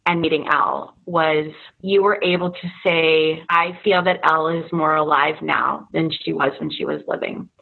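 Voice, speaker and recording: Brief: woman co-host, low husky voice, thin phone-like sound, measured. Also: steady tone. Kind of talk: conversational reflection. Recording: tinny phone-like line.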